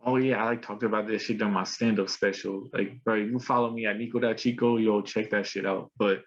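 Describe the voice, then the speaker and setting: Over a muffled video call, a young podcast host from Colombian roots chats casually, rambling with plenty of slang and fillers. His voice is on the low side, steady in tone, and a little quick.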